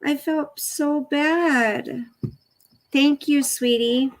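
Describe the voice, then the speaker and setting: A woman's voice: sits high, fairly even intonation, very slow, poor audio. Chatty older woman streaming live. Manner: chatty, rambling, talks to her dog in soft baby talk. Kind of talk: casual live stream chat.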